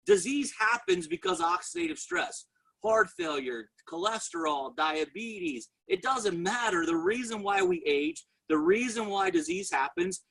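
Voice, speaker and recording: Energetic male sales presenter, high husky voice, tells his story straight to the crowd. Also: low-quality recording. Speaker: network marketing presenter. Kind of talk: motivational sales testimony.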